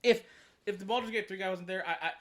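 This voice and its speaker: A man co-hosting a casual gaming podcast, animated and swearing freely as he gushes about games. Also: high-pitched, fast talker. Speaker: podcast co-host. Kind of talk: casual chat.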